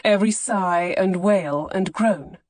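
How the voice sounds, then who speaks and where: A woman narrating a historical romance audiobook in a measured, expressive reading on a close studio mic. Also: mid-range voice, a little hiss or hum. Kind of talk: scripted narration.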